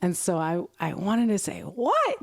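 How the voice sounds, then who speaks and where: Smooth low-voiced woman telling stories. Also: normal speed, no echo, clean studio sound. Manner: animated, acts out quoted voices, laughs often. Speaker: podcast guest, nonprofit CEO. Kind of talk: conversational storytelling.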